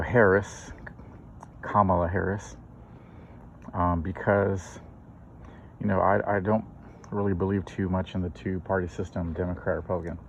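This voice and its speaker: Man, middle-aged, low voice, hesitant, full of fillers, challenging tone, faint background noise. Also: creaky. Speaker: channel host. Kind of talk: political opinion monologue. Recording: dull lo-fi recording with faint noise.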